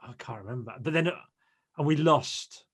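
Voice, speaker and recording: A man in his thirties, a podcast guest, telling stories in an animated, ranting way. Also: fairly high pitch, moderate pace. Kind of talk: casual chat.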